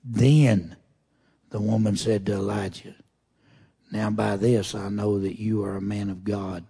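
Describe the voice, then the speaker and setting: A man's voice: lowish voice, little pitch movement, unhurried, creaky, dark tone, slightly rough. A man preaching a sermon, reading scripture aloud and breaking off to ask the congregation pointed questions in a folksy, conversational way. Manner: reads scripture then comments in a folksy, conversational way.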